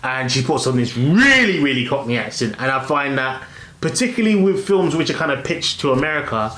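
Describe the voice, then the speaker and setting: A man talks through a film review casually, in a rambling way, stopping and restarting often. His voice sits at an ordinary middle pitch. The room around him gives a noticeable echo. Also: very animated, brisk, sharp tone. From London, England. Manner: rambling, many fillers and restarts.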